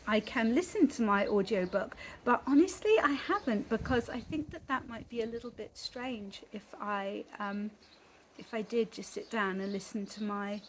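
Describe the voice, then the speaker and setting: A British woman vlogging casually about her books, chatty and polite, with frequent ums and little self-corrections. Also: fairly high pitch. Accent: British English. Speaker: author vlogger. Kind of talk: casual talking-head vlog.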